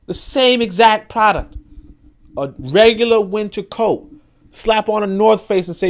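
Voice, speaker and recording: A man hosting a podcast, giving animated, profane, casual political commentary and often repeating words as he restarts sentences. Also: high-pitched, measured pace. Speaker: podcast host.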